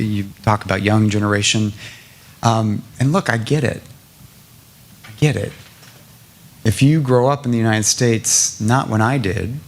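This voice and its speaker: A middle-aged man from South Carolina, a guest speaker at a public lecture, answers a question earnestly and builds to emphatic lists. His voice is lowish, with vocal fry.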